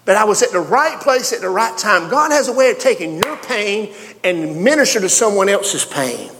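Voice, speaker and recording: A man with a Southern accent preaching a sermon in a folksy way, telling personal stories and swinging from quiet talk up to high, excited lines. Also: moderate pace, a little hiss or hum. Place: church. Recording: long reverb of a large hall.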